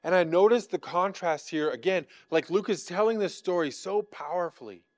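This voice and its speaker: A man's voice: sits high, normal speed, a little mellow, no room sound. A man preaching a casual, conversational sermon, filling it with "like" and acting out the lines he quotes. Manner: acts out quoted lines from scripture. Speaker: pastor.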